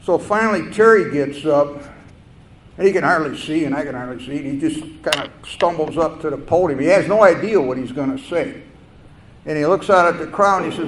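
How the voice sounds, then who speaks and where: An older man telling a personal story at a recovery meeting, halting and reflective, with fillers and restarts. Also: a little high, lively intonation. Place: meeting hall. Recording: echoey room with faint noise.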